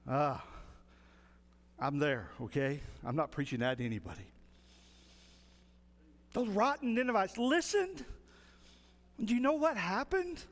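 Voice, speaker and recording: A male pastor preaching a folksy, animated sermon. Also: sits high, in a large hall.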